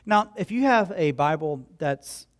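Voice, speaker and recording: A man with a slightly high voice speaks unhurriedly as a pastor delivering a sermon. He tells stories conversationally, acting out the voices of the people in them and the crowd's quotes, and poses questions to the congregation.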